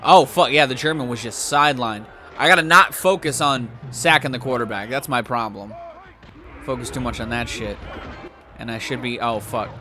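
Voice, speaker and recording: Young man, let's play commentator, bright tone, profane and excitable, music bed under him. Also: mid-range voice, normal speed. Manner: excitable, profane, yells at the game. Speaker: gaming YouTuber.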